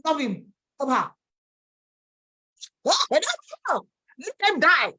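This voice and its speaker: A woman's voice: high-pitched, very animated, takes it slowly, sharp tone. A woman with a Nigerian accent preaching an impassioned sermon, now and then acting out voices in the story she tells.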